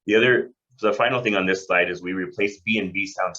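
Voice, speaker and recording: A man delivers a public lecture in a very low-pitched voice. He explains at a steady pace and often stops to restart a phrase. The recording sounds dull and lo-fi. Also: a little fast, few pauses.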